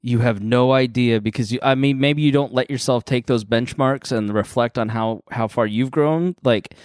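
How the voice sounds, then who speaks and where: A man's voice: mid-range voice, moderate pace, darkish tone, no room sound, clean studio sound. A man co-hosting a podcast, talking in an earnest, encouraging way with lots of "like". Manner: earnest, encouraging, uses "like" a lot. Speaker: podcast co-host. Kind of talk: casual podcast chat.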